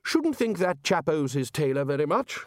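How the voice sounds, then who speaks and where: In a fairly high, sing-song voice raised above his natural pitch, a man plays a loud, blustering older wizard who heads the others and lords it over his colleagues. The pace is moderate and the recording dry and studio-clean.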